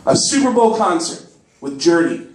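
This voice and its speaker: Excitable high-voiced comedian man. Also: moderate pace, a crowd in the background. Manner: excitable, profane, acts out voices in his story. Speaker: stand-up comedian. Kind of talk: stand-up storytelling. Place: comedy club. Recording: echoey club, mic heard from a distance.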